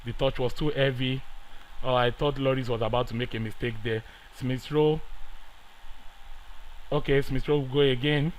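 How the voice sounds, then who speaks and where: Excitable bright-voiced young-sounding man gaming. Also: fairly high pitch, normal speed, clear, resonant tone, low-quality recording. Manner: excitable, swinging from quiet muttering to shouting and pleading. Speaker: gaming YouTuber. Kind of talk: live reaction commentary over a football management game.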